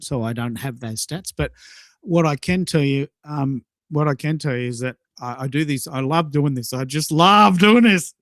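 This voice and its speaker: A man's voice: on the high side, no room sound. Eager man, dry close sound. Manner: enthusiastic, repeats and restarts words. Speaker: podcast co-host. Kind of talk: casual chat.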